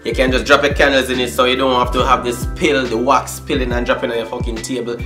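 A man's voice: mid-range voice, flat delivery, quick pace, music in the background. A young man vlogging an unboxing in hyped, slangy chatter full of catchphrases and swearing. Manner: swears freely. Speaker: YouTube vlogger. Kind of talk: casual vlog unboxing.

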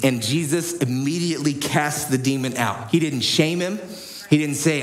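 A man preaching a sermon in an echoey church hall. His voice sits fairly high for a man, and he talks in a casual, conversational way, dropping low and quiet at times and then rising into loud, shouted bursts. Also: moderate pace. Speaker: pastor.

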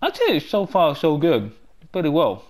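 A man hosting a gaming channel, chatting through a walkthrough in loose, halting English and getting excitable as he plays. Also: on the high side. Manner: loose, halting non-native English phrasing. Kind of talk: gameplay walkthrough commentary.

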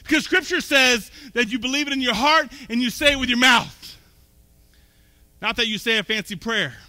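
In a church sanctuary with long hall reverb, a pastor preaches a sermon, talking conversationally before building up to emphatic peaks. His voice is extremely high and sharp, at a moderate pace.

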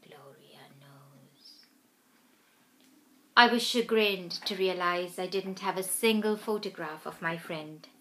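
Slow, somber woman reading her memoir. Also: fairly low pitch, a bit bright. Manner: slow, somber, sinking to whispers in emotional passages. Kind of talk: audiobook memoir narration.

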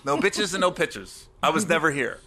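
Middle-aged guy hosting a comedy podcast, high bouncy voice, cracks up a lot. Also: animated, a little fast, crowd noise. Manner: laughs hard, loose and joking. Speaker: podcast host. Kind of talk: casual comedic podcast chat.

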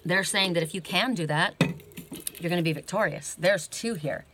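A woman's voice: on the low side, moderate pace, heavy background noise. Rambling woman giving an oracle card reading. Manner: rambling, searching aloud, often tags "right?". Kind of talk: casual tarot-style card reading.

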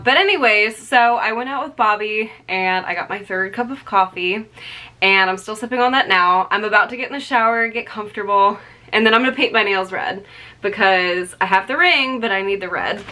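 A young woman in her twenties talks straight to her viewers from home in a loose, gushing vlog chat. Her voice has a bright, forward edge, and her excitement spills into every other sentence, packed with "like" and "um". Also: medium pitch, no echo. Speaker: vlogger. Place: at home, indoors.

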